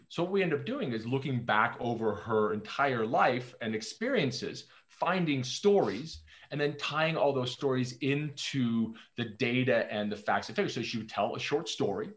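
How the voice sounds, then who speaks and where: A man's voice: medium pitch, animated, normal speed, hardly any pauses, a bit bright. A man sharing workplace anecdotes on a podcast, often repeating words as he starts sentences. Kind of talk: casual podcast chat.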